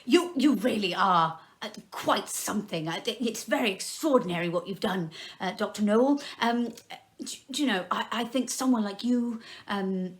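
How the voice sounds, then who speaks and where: Bumbling male prime minister, rambling and hesitant, a touch high-pitched, put on by a man telling a kids' story. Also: moderate pace. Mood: impressed.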